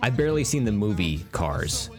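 Lively-voiced joking man, podcast co-host. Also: lowish voice, moderate pace, over music. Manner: jokey, playful, often laughing. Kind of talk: casual comedic chat.

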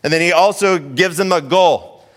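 Animated storytelling male pastor. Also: sits high, moderate pace. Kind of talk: sermon.

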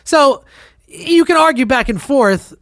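A man's voice: very high-pitched, expressive, measured pace, gravelly, fairly bright tone, dry recording, clean studio sound. A man co-hosting a podcast, chatting casually and bluntly about politics, swearing and laughing often. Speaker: podcast co-host.

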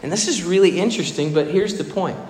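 Guy preaching in a church, bit high-pitched, lots of room echo. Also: quick pace. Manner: expressive preaching, acts out quoted voices. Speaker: pastor. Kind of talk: sermon. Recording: echoey hall reverb.

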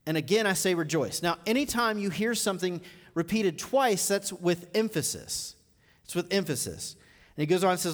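High-voiced male pastor in a reverberant hall. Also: expressive. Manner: builds from low, measured teaching to loud, rising exhortation. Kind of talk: live sermon. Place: church auditorium.

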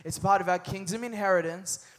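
A young male pastor with a notably high voice delivers an energetic sermon. He mixes humor with earnest points and keeps prompting the congregation to repeat after him. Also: fairly quick. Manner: energetic, humorous, with call-and-response to the crowd.

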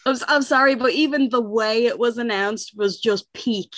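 A woman co-hosting a podcast, chatting casually and excitedly, laughing often and rambling with fillers. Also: fairly high pitch, moderate pace, no room sound. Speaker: podcast co-host. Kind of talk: casual chat.

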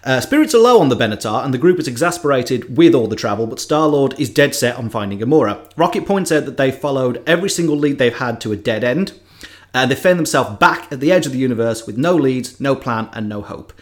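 A man in casual podcast chat, telling a film plot in an animated way with frequent asides. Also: medium pitch, quick pace.

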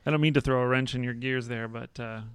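Gravelly, profane man chatting casually. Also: mid-range voice, steady tone, fast talker, no echo. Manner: rambling, profane, joking. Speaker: podcast co-host. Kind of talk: casual chat.

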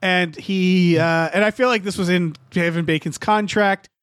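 High-voiced man chatting animatedly. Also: moderate pace, clean tone, no room sound, clean studio sound. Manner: animated, profane, acts out quotes. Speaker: podcast co-host. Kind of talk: casual chat.

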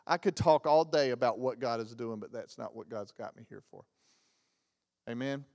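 His gravelly, mid-range voice moves at a moderate pace and resonates as if in a large hall, in this case a church sanctuary. The speaker is a Southern US man in his 40s preaching as a guest pastor, telling funny stories with put-on voices.

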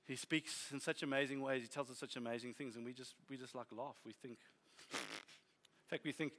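A man preaching a sermon, animated and humorous, building to loud exhortation. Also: medium pitch, normal speed, slight background noise. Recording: long hall reverb.

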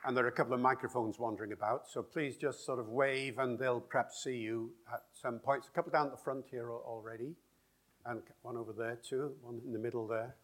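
Husky male lecturer, public talk, demonstrates rhythms aloud. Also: mid-range voice, steady tone, brisk, fairly bright tone.

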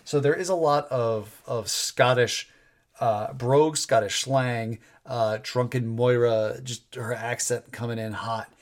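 A man's voice: mid-range voice, steady tone, unhurried. A man co-hosting a casual podcast chat. His delivery rambles and restarts, with wry asides thrown in. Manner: rambling, wry, self-interrupting. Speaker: podcast co-host.

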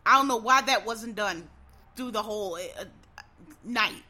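A woman's voice: medium pitch, measured pace, bright, forceful tone. A woman in a casual, exasperated rant, full of swearing and rhetorical questions.

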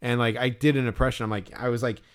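A young male co-host chats casually about a night out. His sentences wander and restart, and he pads them with fillers. His voice sits at an ordinary, middle pitch. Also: fairly even intonation, quick pace, clean tone. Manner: rambling, heavy on filler words. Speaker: podcast co-host. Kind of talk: casual chat.

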